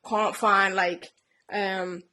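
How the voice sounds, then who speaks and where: A young woman telling a story at a lively, animated clip, slipping into little acted-out voices for each character. Her pitch sits in the middle of the range, and her talk is loose and casual, full of "like" and "yeah?". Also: extremely slow. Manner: animated storyteller who acts out characters' lines. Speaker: podcast co-host. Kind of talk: casual chat retelling a TV plot.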